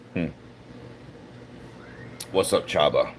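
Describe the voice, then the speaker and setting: A man's voice: low voice, expressive, slow pace, background noise. A man streaming and reading chat aloud, laughing and mocking commenters in a loose, joking way. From Puerto Rico. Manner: mocking, laughing, puts on silly voices for chatters. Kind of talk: casual livestream chat.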